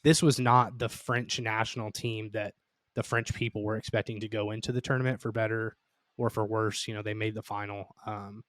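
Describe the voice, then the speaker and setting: Male podcast co-host, flat low delivery, dry close recording. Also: moderate pace, no room sound. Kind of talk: casual soccer analysis chat.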